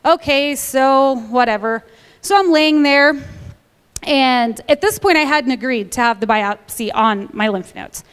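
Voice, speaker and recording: High-voiced woman sharing her testimony in church. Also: a little slow, clean tone, in a large hall. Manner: lively storyteller who acts out the dialogue. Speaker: church member giving a testimony. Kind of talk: personal testimony told to a congregation.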